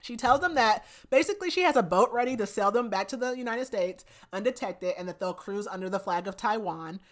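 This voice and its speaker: A young adult woman hosting a podcast, casually retelling a book's plot in an animated way, often saying "like". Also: mid-range voice, brisk. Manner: animated storytelling, frequent "like", laughs. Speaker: podcast host. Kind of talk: casual book recap.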